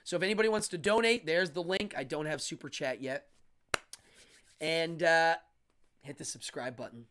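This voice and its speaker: A man's voice: on the high side, normal speed, long pauses, background noise. Chatty man hosting a live stream. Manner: chatty and animated, reading chat aloud. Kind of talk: casual live stream chat. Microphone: studio microphone.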